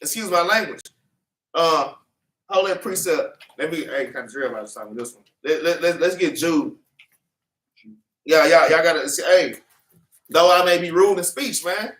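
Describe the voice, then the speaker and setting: A man's voice: fairly high pitch, normal speed, long pauses, a bit bright. A man teaching a Bible class, preaching with fervent, repetitive street talk and having scripture read back to him. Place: meeting room with congregation. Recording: echoey room, mic at a distance.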